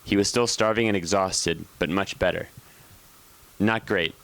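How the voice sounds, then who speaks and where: A man with a low voice reads a story aloud on a morning show. He keeps a relaxed, easygoing pace and now and then stumbles and corrects himself. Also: measured pace, gravelly, low-quality recording. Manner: relaxed, with occasional slips and self-corrections.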